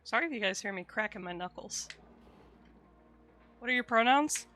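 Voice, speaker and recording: A woman's voice: a little high, animated, normal speed, bright, forceful tone, slight background noise. A young woman streaming live, chatting candidly with viewers and swearing casually as she explains things.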